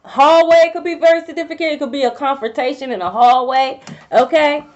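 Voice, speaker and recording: A woman's voice: high voice, fairly quick. A young woman giving a casual tarot reading to her viewers, blunt and profane, full of slang. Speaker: tarot reader. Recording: dull lo-fi recording.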